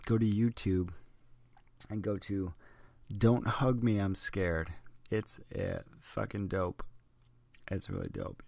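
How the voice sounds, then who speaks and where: A young man, a little drunk, talks on and on by himself, dropping curses as his thoughts wander. His voice sits low and gravelly. The recording is dry and close, with no room sound. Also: darkish tone, no echo. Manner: profane, rambling, tipsy. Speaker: podcast host. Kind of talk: rambling solo monologue.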